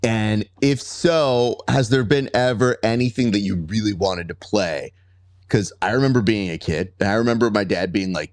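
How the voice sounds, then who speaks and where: A man's voice: fairly low pitch, normal speed, no echo, clean studio sound. A man hosting a casual interview, joking and telling stories as he asks questions. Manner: playful, joking storyteller. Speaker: podcast host.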